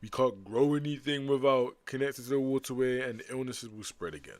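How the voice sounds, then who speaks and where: A man's voice: medium pitch, no echo. A man on a casual stream reading comic panels aloud and reacting to them as he goes. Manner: reads panels aloud with quick reactive commentary.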